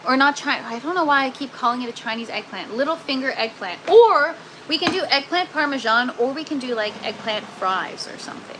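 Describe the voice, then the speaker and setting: A woman's voice: high voice, lively intonation, brisk, noisy background. A woman hosting a casual gardening live stream from an indoor grow tent, chatting with viewers and using lots of ums and "you guys.".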